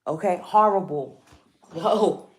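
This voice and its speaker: A woman's voice: fairly low pitch, takes it slowly. A woman giving a casual spiritual card reading to her viewers. She speaks emphatically, repeats her points and often asks if they follow her.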